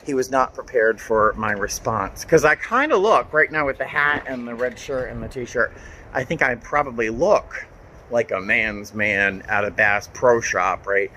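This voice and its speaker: A man talking casually to the camera in a travel vlog, chatty and animated. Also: mid-range voice, measured pace, a little hiss or hum, rough recording. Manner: chatty and animated, softens to a gentle coo with animals. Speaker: vlogger. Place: outdoors on city streets, then airport and aircraft galley.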